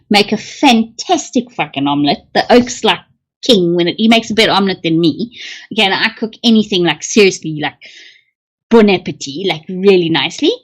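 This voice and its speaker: A woman's voice: lowish voice, poor audio. A middle-aged woman hosting a livestream in casual chat, reading dream meanings, exclaiming often and swearing freely.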